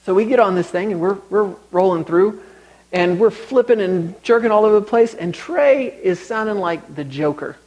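A man's voice: high-pitched, lively intonation, moderate pace, darkish tone, a little hiss or hum, poor audio. A young man preaching a sermon, telling stories conversationally and building to emphatic exhortation.

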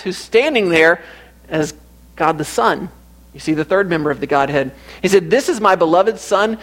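High-voiced earnest male preacher. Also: a bit bright. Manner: earnest, repeats phrases for emphasis. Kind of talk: sermon.

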